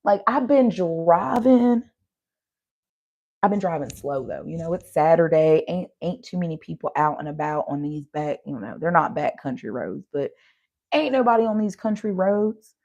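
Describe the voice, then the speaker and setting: Through dull audio comes a deep, expressive, slightly mellow woman's voice at normal speed. She's a tarot reader with a slight Southern country accent, casually chatting through a reading while tired after driving all night, saying y'all and asking "right?" often.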